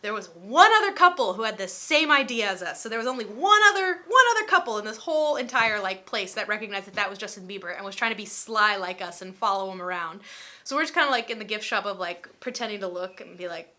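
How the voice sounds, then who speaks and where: A young woman in her twenties telling a casual storytime vlog, chatty and animated and full of filler words. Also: mid-range voice, quick pace. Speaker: storytime vlogger.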